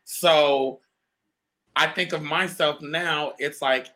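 A man's voice: on the high side, fairly even intonation, slow, sharp tone. A man hosting an interview, reflective and asking long winding questions. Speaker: host.

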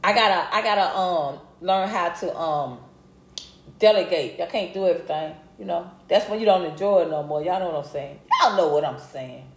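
A middle-aged woman hosting a livestream, chatting casually and greeting viewers by name with a lively, laughing manner. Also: lowish voice, normal speed. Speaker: livestream host. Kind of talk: casual live chat reading comments. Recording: roomy echo.

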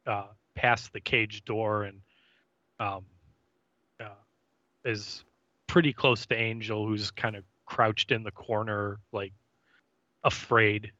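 A man co-hosting a podcast, recapping an episode in a relaxed, halting way with fillers. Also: lowish voice, no echo, highs cut off. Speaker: podcast co-host. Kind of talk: casual recap chat.

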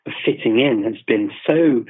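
A man's voice: mid-range voice, normal speed, husky. A British man explaining his views thoughtfully in a conversational interview, often restarting his sentences. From Britain. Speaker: guest, polyglot. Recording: phone-like remote call audio.

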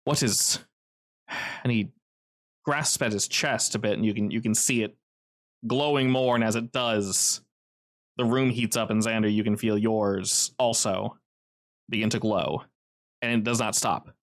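A man running a tabletop role-playing game, narrating scenes in a steady, descriptive way. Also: fairly low pitch, unhurried, long pauses. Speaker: game master.

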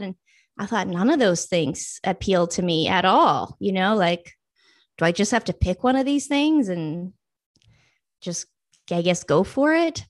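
A woman's voice: mid-range voice, measured pace, dry recording, studio quality. A young adult woman, a guest in a casual interview, telling her own story and acting out past thoughts and friends' lines.

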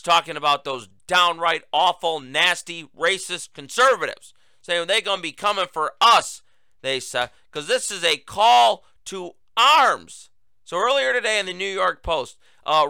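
A man's voice: sits high, bright, forceful tone, smooth, no echo. A man hosting a political talk show, delivering a sarcastic, mocking monologue. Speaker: host.

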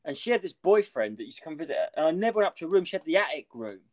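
A man telling a crude story on a podcast, his voice rising and falling in lively swoops. He talks in a loose, sweary way, full of "like", with a slightly high pitch. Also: rapid-fire. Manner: animated, sweary anecdote-telling with lots of "like". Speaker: podcast host. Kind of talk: casual storytelling chat.

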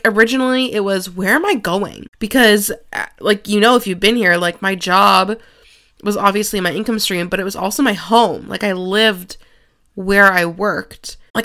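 A young woman in her twenties hosting her own podcast, talking alone into the mic. She speaks with open, confessional frankness, swears casually and fills her sentences with "like" and "you know". Her pitch sits in the middle range for a woman. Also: pushed and bright, clear, resonant tone. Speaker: podcast host. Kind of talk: candid solo podcast monologue.

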